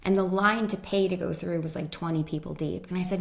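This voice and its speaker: A woman's voice: fairly low pitch, fairly even intonation, brisk, vocal fry, hardly any pauses, darkish tone. A woman guest, a human design expert, telling a personal story in casual conversation and acting out the people she quotes.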